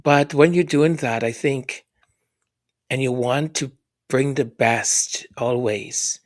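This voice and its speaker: A man hosting a podcast who reads listener comments aloud, speaking softly and haltingly, often whispering his thanks and sounding moved. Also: medium pitch, no echo, studio quality. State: moved, emotional. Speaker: podcast host. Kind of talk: casual chat reading listener comments.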